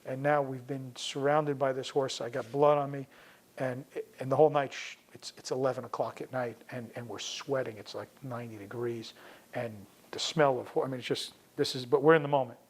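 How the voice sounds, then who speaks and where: A man's voice: medium pitch, steady tone, fairly quick, rough recording. A middle-aged man from the New York area, a veterinarian, telling a personal story in a conversational way and acting out the dialogue as he goes.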